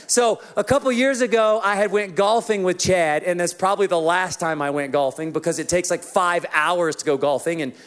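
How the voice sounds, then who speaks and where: A man's voice: high voice, fairly even intonation, moderate pace, hardly any pauses, a bit bright, smooth. A man preaching a sermon as pastor, telling self-mocking stories about his marriage with humor.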